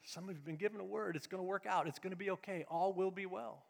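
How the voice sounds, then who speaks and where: A middle-aged man preaching a sermon as pastor, swinging between loud emphatic lines and hushed, confiding asides. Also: fairly high pitch, steady tone, fairly quick, gravelly. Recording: long reverb of a large hall.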